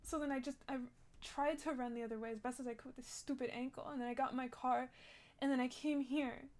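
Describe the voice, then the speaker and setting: Young woman w a high voice rambling through a shaken story in character, lots of "like". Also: fairly even intonation, quick pace. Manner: rambling, shaken retelling full of "like" and restarts. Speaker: streamer playing a character in a city role-play game. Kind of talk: in-character storytelling in online role-play.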